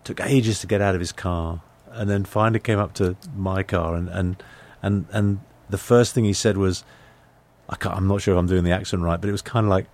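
English guy, lowish voice, tells stories, lots of stuttery restarts. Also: fairly even intonation, brisk, darkish tone. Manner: storytelling, stammering restarts. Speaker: actor, guest. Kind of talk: casual chat.

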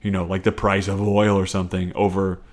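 A man's voice: sits low, little pitch movement, fairly quick. A man hosting a casual solo comedy podcast, rambling and profane, self-deprecating, and laughing often. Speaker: podcast host.

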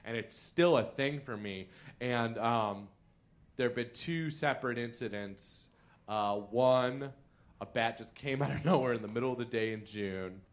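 Comedian guest, man, mid-pitched, animated storyteller who laughs through his lines and jumps high for quoted voices. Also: unhurried. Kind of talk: comic storytelling on a podcast. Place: theater stage.

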